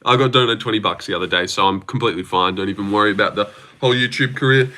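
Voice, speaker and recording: A man's voice: on the low side, racing, few pauses, pushed and bright. A young man hosting a casual livestream, teasing his chat with self-mocking banter. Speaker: livestream host.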